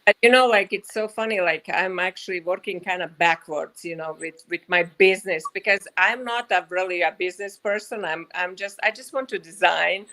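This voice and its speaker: Relaxed woman guest on a video call. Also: lowish voice, a little fast, few pauses, poor audio. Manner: relaxed, many fillers like "like" and "you know". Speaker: fashion designer guest. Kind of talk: casual interview over video call. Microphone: video call mic.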